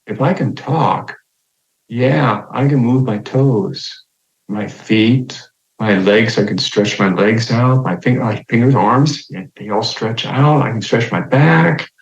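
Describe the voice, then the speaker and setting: A man telling the story of his near-death experience in the first person, slow and reflective, his voice climbing high when he gets excited. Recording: roomy, slightly dull sound with faint music.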